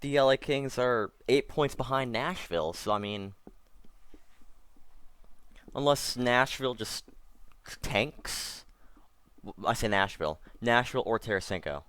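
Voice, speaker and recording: A man's voice: mid-range voice, animated, a little slow, long pauses, a bit bright, clear, resonant tone, no echo. A man doing casual let's-play commentary, rambling and correcting himself, with wry asides. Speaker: gameplay commentator.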